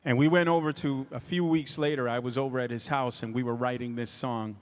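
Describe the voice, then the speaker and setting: A man speaking as a guest musician, telling a story to an audience in an easygoing way with frequent pauses. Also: medium pitch, fairly even intonation, smooth. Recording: echoey hall.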